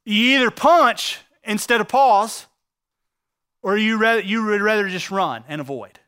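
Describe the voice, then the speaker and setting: Male pastor, high bright voice, crisp and clear, earnest sermon delivery with emphatic slow phrases.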